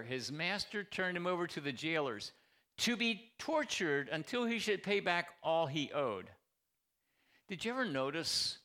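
Animated bright-voiced male pastor preaching. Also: mid-range voice. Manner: animated preaching, rhetorical questions, emphatic repetition. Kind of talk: sermon.

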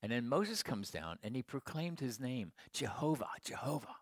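A middle-aged man preaching a sermon to his congregation, moving between quiet storytelling and emphatic declarations. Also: medium pitch, big pitch swings, normal speed, husky, dry recording, studio quality. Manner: storytelling, swings from hushed asides to emphatic proclamation. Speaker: pastor.

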